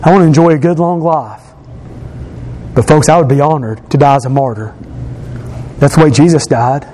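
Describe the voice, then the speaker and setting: Man preaching, high voice, emphatic and repetitive, faint background noise. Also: moderate pace, a little mellow, rough recording. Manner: emphatic preaching, repeating phrases for stress. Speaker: pastor. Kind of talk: sermon.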